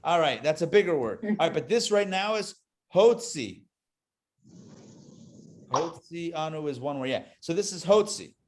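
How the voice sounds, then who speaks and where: Chatty male reading teacher on a video call, a touch high-pitched, joking while drilling syllables. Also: expressive, normal speed, long pauses. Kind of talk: live online class teaching.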